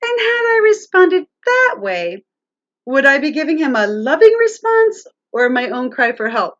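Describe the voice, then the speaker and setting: Higher-voiced woman teaching parents on a stream. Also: big pitch swings, measured pace, dull audio. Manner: engaging, speaks straight to the viewers and their chat. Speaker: parenting presenter. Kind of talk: live-streamed teaching talk.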